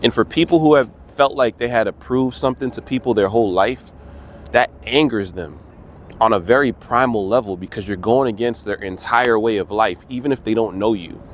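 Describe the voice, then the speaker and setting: A man's voice: lowish voice, normal speed, a little hiss or hum. A young man talking straight to his viewers in a casual, earnest way, often calling them "bro". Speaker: vlogger. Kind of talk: casual motivational talk to camera.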